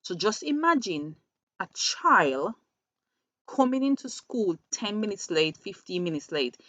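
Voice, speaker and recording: A woman's voice: medium pitch, sing-song, unhurried, fairly bright tone, no echo. A woman who works with schoolchildren gives earnest parenting advice, often repeating words as she restarts a thought. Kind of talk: advice talk. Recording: dull lo-fi dry recording.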